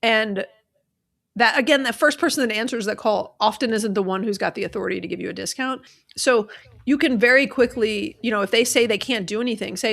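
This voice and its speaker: Woman, podcast co-host, chatty, filler words, gravelly edge. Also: a little high, a little fast, fairly bright tone. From American South. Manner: chatty, lots of fillers, acts out call scripts. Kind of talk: casual chat.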